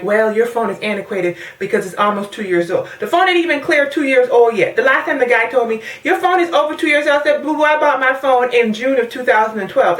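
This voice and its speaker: A young woman from the Caribbean, pregnant, telling a sassy, animated story in a casual rant to the camera. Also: on the high side, distant mic. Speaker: vlogger. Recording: echoey, from off the mic.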